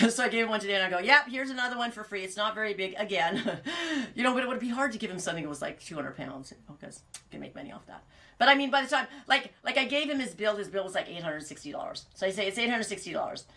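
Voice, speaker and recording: Woman podcast host, bright voice, rambling storyteller who laughs at her own jokes. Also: fairly high pitch. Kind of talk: casual chat.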